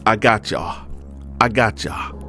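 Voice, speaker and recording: A man's voice: lowish voice, slow, bright, forceful tone, faint music behind. A man voicing a bitter, vengeful son who talks in a coarse, menacing, slangy way.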